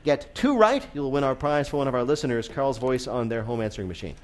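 A man's voice: mid-range voice, animated, fast. A man hosting a radio quiz, reading questions playfully and laughing often. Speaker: quiz show host.

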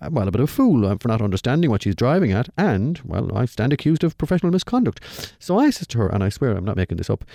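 Middle-aged Irish man, dry close radio read, gravelly, wry comic storyteller. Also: no echo. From Ireland. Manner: wry storytelling with lively shifts in pitch. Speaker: radio commentator. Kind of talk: scripted humorous commentary.

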